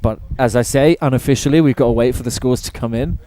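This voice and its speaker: A man's voice: medium pitch, fast, dark tone, low-quality recording. A man giving upbeat live play-by-play commentary at an outdoor wakeboard contest. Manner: upbeat play-by-play with trick names. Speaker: event commentator. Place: outdoor cable wakeboard park.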